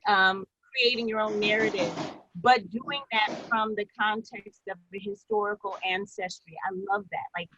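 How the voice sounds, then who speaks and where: A woman's voice: mid-range voice, steady tone, moderate pace, dull audio, background noise. A woman who is a doctoral student speaking effusively in a writing workshop over a video call, rambling as she praises. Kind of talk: casual chat.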